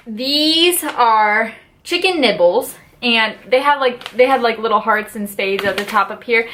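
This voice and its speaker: A woman's voice: a little high, sharp tone, a little hiss or hum. A woman vlogger gushing in a casual haul and unboxing video, chatty and full of fillers like "like" and "just".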